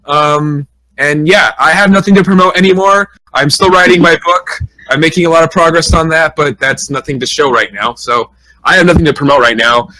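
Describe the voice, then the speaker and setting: A man co-hosting a casual podcast, rambling and excitable. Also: on the high side, fairly quick, rough recording. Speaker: podcast co-host.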